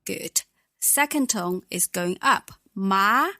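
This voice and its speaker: Slow, patient woman teacher. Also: mid-range voice, a bit bright, no echo, clean studio sound. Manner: patient, clear, models pronunciation slowly. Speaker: language teacher. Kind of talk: conversational language lesson.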